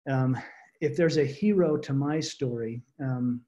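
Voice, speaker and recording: A man telling a personal story to a support group, earnest and halting, often restarting his words over a video call. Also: mid-range voice, mellow, highs cut off. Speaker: guest speaker.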